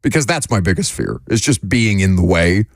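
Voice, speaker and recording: A man hosting a sports radio show, chatting casually and a little jittery, talking fast on a studio microphone. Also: deep voice, animated, no echo.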